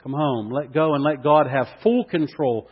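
A man's voice: medium pitch, normal speed, breathy edge. A male pastor giving an Easter sermon in an earnest way, building to emphatic peaks and reading scripture aloud. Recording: dull lo-fi sound with long hall reverb.

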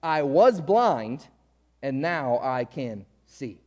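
A man's voice: medium pitch, very animated, drawn-out words, darkish tone, long reverb tail. A man preaching a sermon in a conversational way, often checking in with his listeners. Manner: conversational preaching, frequent "right?" check-ins. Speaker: pastor.

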